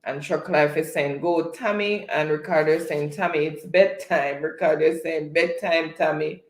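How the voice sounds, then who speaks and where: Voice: mid-range voice, fairly even intonation, reverberant. A quiz host running a live spelling game, chatting casually and reading viewers' comments aloud. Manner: unhurried, chatty, reads out comments.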